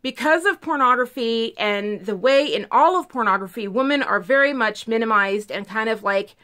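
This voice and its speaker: A woman's voice: fairly high pitch, expressive, moderate pace, a bit bright. A woman vlogger telling a story in a casual, emphatic way, full of "like". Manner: chatty, peppered with "like", emphatic.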